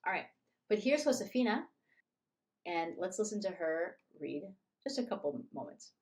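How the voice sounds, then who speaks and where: A woman teaching a beginner online language lesson, upbeat and repeating phrases slowly for learners. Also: lowish voice, sing-song, a little mellow.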